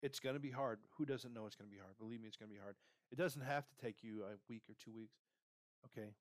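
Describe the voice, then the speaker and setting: A man with a lowish voice talks fast on a motivational career podcast, recorded in clean studio sound with no echo. He coaches and guides the listener in a pep-talk style, repeatedly tacking on "right?" and "okay?".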